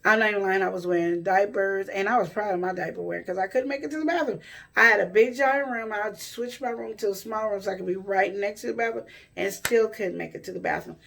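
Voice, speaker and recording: Woman vlogging, gravelly vocal fry, rambles and corrects herself as she tells a story. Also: medium pitch, quick pace, recorded from a distance. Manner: rambling, self-correcting, animated retelling. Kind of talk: casual storytelling to camera.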